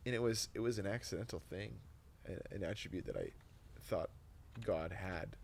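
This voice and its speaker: A young man, a podcast guest, telling a personal testimony in casual, animated, emotional conversation full of "like" and "dude". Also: low voice, normal speed, gravelly, a little hiss or hum.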